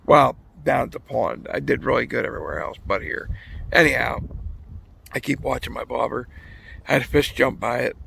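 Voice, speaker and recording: A man's voice: mid-range voice, lively intonation, fairly quick, creaky, pushed and bright, a little hiss or hum. A man telling a rambling, profane story in a casual vlog while fishing outdoors by a pond. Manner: rambling, profane, self-correcting. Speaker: vlogger.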